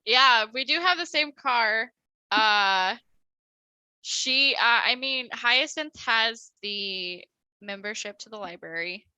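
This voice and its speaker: A woman's voice: fairly high pitch, lively intonation, slow pace, pushed and bright, clear, resonant tone, no room sound, low-quality recording. A woman player chatting casually at a tabletop game, tossing out wry, teasing remarks.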